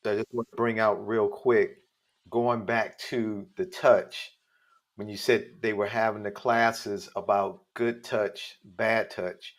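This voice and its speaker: A man hosting an interview over a remote call. His voice is fairly low, and he speaks carefully, gently going back over what his guest has said before he asks his next question. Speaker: host.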